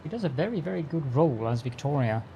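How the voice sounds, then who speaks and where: Male streamer, live gameplay chat, raspy-edged tone, playful mock-formal greetings. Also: a little high, animated, quick pace, dark tone, slight background noise. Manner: chatty, talks to himself while building. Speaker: game streamer.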